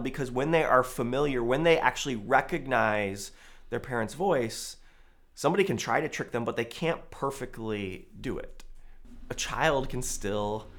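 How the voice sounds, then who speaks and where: A male pastor preaching a sermon in a conversational way, with loud emphatic peaks and quiet, low asides.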